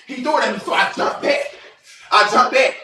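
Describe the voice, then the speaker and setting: A breathless man livestreaming, loudly acting out a fight story with profanity and sound effects. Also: very high voice, a little fast, distant mic. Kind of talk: animated storytelling. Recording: roomy echo, faint noise.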